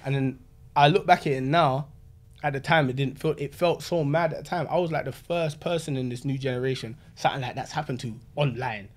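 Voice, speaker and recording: A man with a South London accent, a podcast guest telling a lively story in casual street slang. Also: mid-range voice, fairly quick. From London, England.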